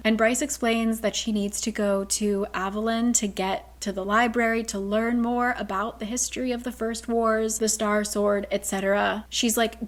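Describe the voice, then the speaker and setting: A woman's voice: fairly high pitch, fairly even intonation, normal speed, hardly any pauses. A woman casually recapping a fantasy novel's plot, chatty and swearing, now and then reading passages aloud. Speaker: book recap narrator.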